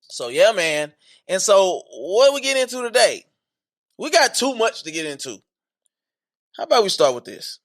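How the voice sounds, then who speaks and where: A man hosting a podcast in casual chat, slangy and hyped, repeating catchphrases, then slowing into earnest teaching. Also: high-pitched, very animated, fairly bright tone. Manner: switches to slower earnest teaching. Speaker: podcast host.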